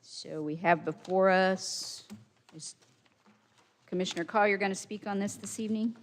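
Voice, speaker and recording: A woman's voice: mid-range voice, moderate pace, slight background noise. A woman chairing a county council meeting, reading budget figures aloud and running the votes in a businesslike way. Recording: hall reverb.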